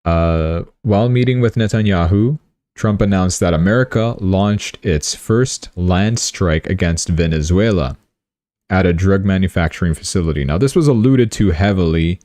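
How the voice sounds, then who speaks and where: A man's voice: low voice, moderate pace, darkish tone, dry recording. A man hosting a live show with casual news commentary, chatty and rambling, with joking asides. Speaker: livestream host.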